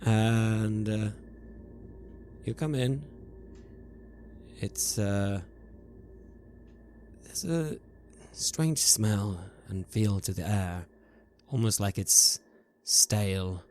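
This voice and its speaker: A man running a tabletop horror game as game master, narrating scenes in a slow, hushed way with small hesitations. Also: fairly low pitch, slight background noise.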